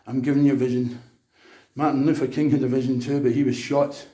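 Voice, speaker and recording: A man holds forth in a rambling, emphatic monologue that turns preachy. His voice is dark and mellow. It rings in a roomy, echoey space. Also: medium pitch, little pitch movement, fairly quick. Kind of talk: casual monologue.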